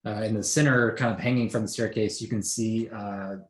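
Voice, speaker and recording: A man's voice: lowish voice, fairly even intonation, roomy sound. A man running a tabletop game as game master, narrating casually with frequent fillers and restarts. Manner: casual, halting, many fillers.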